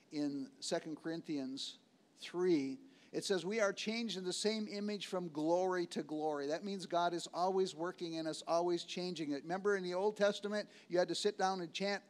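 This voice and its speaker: Pastor, male, high voice, emphatic repeating sermon delivery. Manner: slows for key words, swings between loud and hushed.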